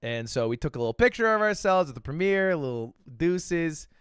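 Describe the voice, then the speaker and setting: A man in his twenties, a streamer telling a story in casual chat, animated and swearing, with sudden bursts of loud laughter. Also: a little high, moderate pace, smooth, dry recording, studio quality. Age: 20s.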